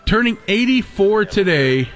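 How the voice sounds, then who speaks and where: A man's voice: high voice, sing-song, measured pace, a bit bright, soft background music. A man co-hosting a morning radio show, joking around while reading out birthdays. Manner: jokey, reads birthday list.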